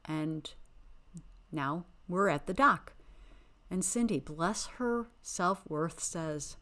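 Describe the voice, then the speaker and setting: A woman hosting a podcast, recapping a reality TV show with sassy, exasperated, animated commentary. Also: lowish voice, slow pace. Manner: animated, dramatic emphasis. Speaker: podcast host.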